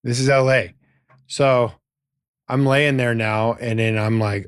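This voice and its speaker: Animated storytelling man, mid-pitched. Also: takes it slowly, long pauses, smooth, no room sound, studio quality. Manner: animated, acts out quoted lines, swears. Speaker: podcast guest. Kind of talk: casual storytelling.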